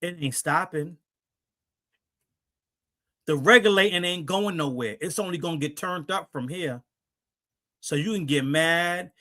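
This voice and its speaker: A man's voice: fairly high pitch, measured pace, long pauses, bright, forceful tone. A man speaking in a defiant, preachy way on a podcast, repeating his points for emphasis. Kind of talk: casual commentary.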